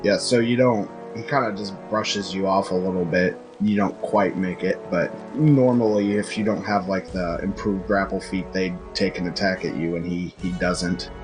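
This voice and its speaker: A man's voice: low-pitched, steady tone, moderate pace, few pauses. A man narrating as game master in a loose, jokey way, with faint music behind. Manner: loose, jokey, restarts often.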